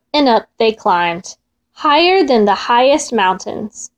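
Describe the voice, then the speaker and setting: A woman reads a children's folk tale aloud, gentle and expressive. Her voice is high, and her pace is slow. She draws out repeated words. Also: dull audio. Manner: gentle, expressive, drawn-out repetitions. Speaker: storyteller.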